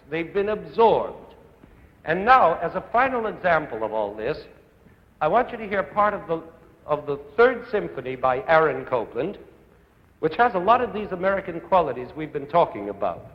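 A man's voice: a little high, muffled recording. A man giving an eloquent, enthusiastic lecture on music to a young concert audience from a concert hall stage. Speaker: conductor and music educator. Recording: echoey old broadcast from a concert hall.

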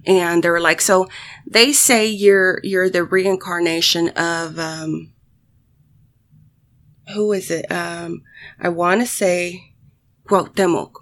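A woman vlogger telling a personal story to her audience, halting with many fillers and restarts, swearing often and sighing. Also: lowish voice, creaky, fairly bright tone. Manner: emotional, sighing.

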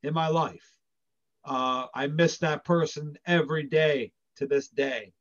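Quiet man with a dull lo-fi sound. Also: on the high side, fairly even intonation, a little slow. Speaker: podcast co-host. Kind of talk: casual podcast chat.

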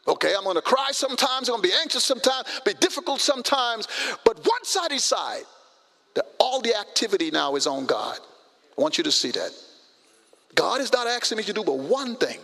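A man in his sixties preaching a sermon as pastor, animated, acting out conversations with sudden jumps in pitch. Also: brisk, gravelly, slightly rough, long reverb tail.

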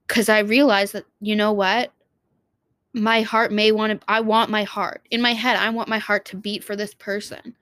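A woman's voice: mid-range voice, level tone, moderate pace, a bit bright, no echo. Rambling young woman, dry close sound. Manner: rambling, self-interrupting, swears casually. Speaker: vlogger. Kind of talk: casual heartfelt monologue.

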